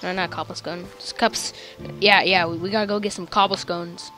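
A woman's voice: fairly low pitch, normal speed. Silly hyper lady narrating her game, sing-songy, music playing behind. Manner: goofy and excitable, bursts into sing-song chants. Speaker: let's play host. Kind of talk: casual gameplay chat.

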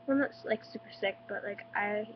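Sick and stuffy-nosed, a teen vlogger chats at home in a medium-pitched voice at a fairly quick pace, peppering her talk with likes and ums. The dull lo-fi webcam recording carries a hum.

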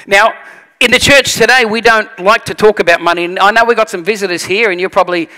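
Male pastor, lively storyteller, bright edge, echoing church hall. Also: high-pitched, fast talker. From Australia. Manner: animated storytelling, acts out voices. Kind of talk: sermon.

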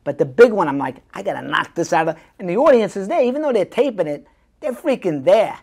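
A man's voice: sits high, sing-song, fast, creaky, darkish tone, breathy edge. A middle-aged male actor telling stories in a casual interview, acting out the voices of people he quotes. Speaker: guest actor.

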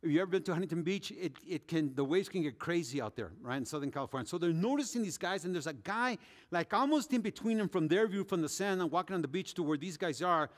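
A man preaching as a pastor, telling a story with animated delivery and acting out what people said. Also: high-pitched, quick pace. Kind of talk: sermon. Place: church sanctuary. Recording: long hall reverb.

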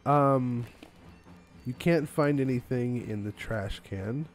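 A male gamer narrates his playthrough with bemused, wisecracking remarks. He talks slowly at a middling pitch. He reads the characters' lines aloud as he goes. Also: faint music behind. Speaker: gaming channel host. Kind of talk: game playthrough commentary, reading and voicing characters.

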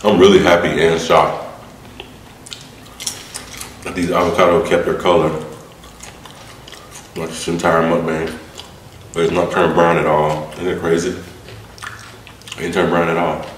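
A man chatting casually while he eats on camera, relaxed and mumbling between bites. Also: low voice, measured pace, pauses often. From Atlanta, US. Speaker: mukbang host. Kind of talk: casual eating vlog chat. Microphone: close mic for eating sounds. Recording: echoey room with faint noise. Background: eating and crunching sounds.

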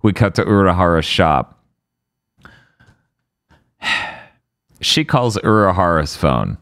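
A man's voice: low voice, big pitch swings, takes it slowly, a bit bright, dry recording, studio quality. A man casually recapping episodes on a podcast, sardonic and exasperated, swearing now and then.

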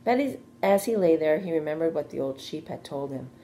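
A woman teacher reading a children's storybook aloud, steady and expressive. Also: sits low, fairly quick, slight background noise.

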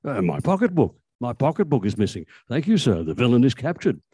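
A man putting on a fussy, proper gentleman, all flustered and polite. The voice rides well above the reader's own pitch and sounds close and dry. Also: sing-song, brisk, slightly rough, no echo. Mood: startled. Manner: startled, proper.

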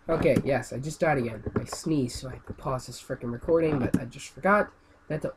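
A young man giving casual gameplay commentary, rambling and then yelling and ranting at the game. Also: fairly high pitch, normal speed. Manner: rambling, yells and rants at the game. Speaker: gaming channel host. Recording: noisy amateur home recording.

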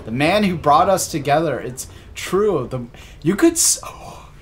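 A man streaming a game live, reacting with excitable, jokey commentary and frequent laughter and swearing. He talks slowly, stretching his words out, while his pitch leaps around animatedly. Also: a little hiss or hum.

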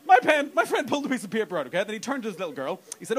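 A young comedian works a club crowd with a bright, high voice that leaps up and down. He swears freely, mocks himself and slips into voices for the people in his stories. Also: big pitch swings, very fast, hardly any pauses, breathy edge. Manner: profane, self-mocking, acts out voices. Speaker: stand-up comedian. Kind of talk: stand-up comedy set. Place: comedy club with live audience.

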